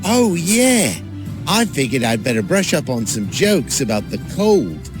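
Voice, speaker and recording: A man's voice: fairly high pitch, sing-song, measured pace. A man voicing a playful, sneezy young creature who tells corny jokes, in a children's church show. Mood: jokey. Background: music.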